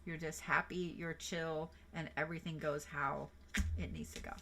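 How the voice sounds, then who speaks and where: Her voice sits low and sharp, with little pitch movement and a moderate pace. Reading zodiac cards on a livestream, this reiki practitioner and tarot reader stays casual, chatty and playful, giggling and cursing as she goes.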